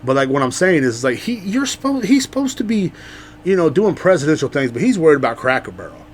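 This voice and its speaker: A man rants on his own podcast, rambling and swearing freely. His pitch swings widely as he gets heated and sarcastic, with a faint hiss of noise under the voice. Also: big pitch swings, quick pace. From Central Texas, USA. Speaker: podcast host. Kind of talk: casual ranting monologue.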